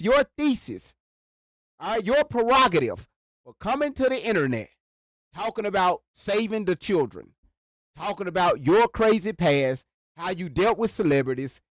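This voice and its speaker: Sitting behind a close microphone in a dead, dry room, a man rants live to his stream's chat. His high voice leaps around animatedly, and he keeps addressing his viewers directly, over and over.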